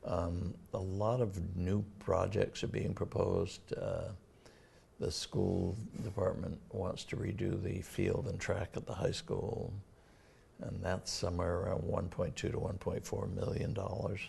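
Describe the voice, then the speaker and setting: An older man with a Massachusetts accent, a town administrator talking in a casual local TV interview, halting with many fillers and restarts. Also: sits low, little pitch movement, gravelly, a little mellow, a little hiss or hum.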